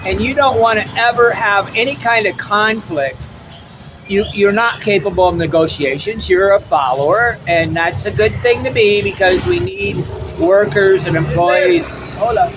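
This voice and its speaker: A man's voice: high voice, moderate pace, noisy background. A middle-aged American man giving a blunt, rambling opinion monologue, often repeating his words. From United States. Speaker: travel vlogger.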